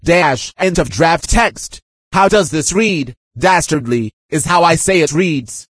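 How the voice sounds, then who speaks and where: Man, husky and fairly high, reads a message aloud dictation-style, spelling names and calling out punctuation, insistent and aggrieved. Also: animated, slow pace, a bit bright, dry recording. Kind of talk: reading a written message aloud.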